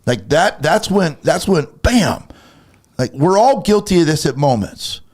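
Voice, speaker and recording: Animated man preaching in a casual chat. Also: a little high, a little slow. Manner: emphatic and heated, acts out little quoted exchanges. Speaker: co-host of a Christian talk show. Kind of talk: casual faith talk, preachy.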